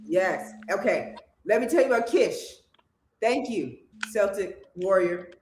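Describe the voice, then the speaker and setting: A livestream host giving an emphatic, preachy spiritual monologue that builds to loud declarations. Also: mid-range voice, expressive, a little slow. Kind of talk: spiritual talk show monologue. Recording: echoey room with faint background noise.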